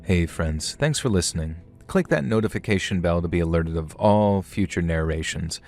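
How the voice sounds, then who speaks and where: Male channel narrator with a low voice, casual and slangy; first-person storytelling. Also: normal speed, a little mellow, soft background music.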